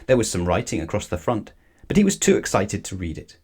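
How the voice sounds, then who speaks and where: A man reading a children's storybook aloud with lively, expressive narration. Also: fairly low pitch, fairly quick, slightly rough. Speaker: storybook reader.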